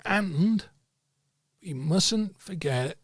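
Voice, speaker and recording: A man's voice: sits high, animated, very slow, slightly rough, no room sound. Hesitant man teaching tarot. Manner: thoughtful, hesitant, many fillers and restarts. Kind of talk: livestream teaching talk.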